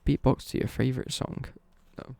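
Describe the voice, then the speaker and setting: A young man talks through a live stream at home, rambling and self-correcting as he answers viewers. His voice is mellow, dark and edged with gravel. The sound is dry and close. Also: mid-range voice, expressive, brisk, no echo. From East Midlands, England.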